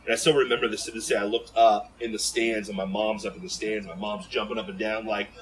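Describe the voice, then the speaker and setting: A man from Ohio telling stories as a podcast guest in an animated, rambling way full of fillers and restarts. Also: on the low side, fast talker, slight background noise, low-quality recording. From Ohio, USA. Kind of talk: casual storytelling in an interview.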